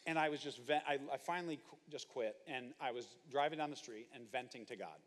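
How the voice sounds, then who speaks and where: A man preaching a sermon, telling stories with animated, comic asides. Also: mid-range voice, brisk, few pauses. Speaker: pastor. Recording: hall reverb.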